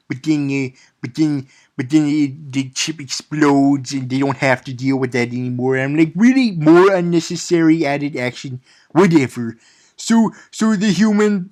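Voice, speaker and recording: A man with a somewhat high voice rambles through a sarcastic, spoiler-heavy movie recap. He stumbles and restarts often and talks in a casual, offhand way. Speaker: movie reviewer.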